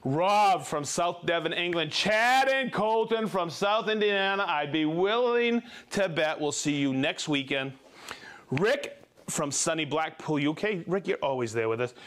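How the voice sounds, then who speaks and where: A man hosting a casual live tool demo stream, chatty and excitable, calling out viewers. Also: fairly high pitch, a little slow. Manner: excitable, bursts into shouts of joy; chatty, reads viewer shout-outs.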